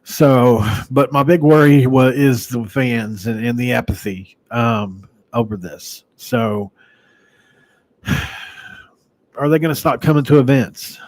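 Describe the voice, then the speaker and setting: A man's voice: mid-range voice, slow pace. A man from West Virginia hosting a casual sports podcast, rambling conversationally with sighs and restarts. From Mingo County, West Virginia, USA.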